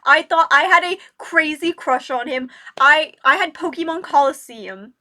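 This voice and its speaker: A young woman vlogger telling a personal story in a rambling, halting way, full of restarts and filler words. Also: high voice, pushed and bright.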